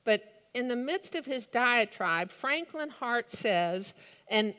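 A woman preaching a sermon in a slow, deliberate way with dramatic pauses. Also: on the high side, expressive, fairly bright tone. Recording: long hall reverb.

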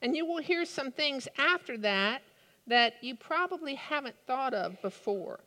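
A woman preaching a sermon in a slow, deliberate way with dramatic pauses. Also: sits high, lively intonation, bright, forceful tone. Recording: long hall reverb.

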